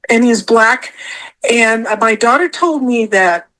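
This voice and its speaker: A middle-aged woman telling her own story as a podcast guest, acting out what she said in a high, animated voice. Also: slow, poor audio. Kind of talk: casual storytelling interview.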